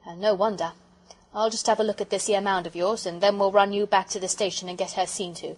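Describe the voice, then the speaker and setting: A woman's voice: medium pitch, steady tone, fast, lightly acted. A woman reading the lines of a kindly, matter-of-fact middle-aged train driver.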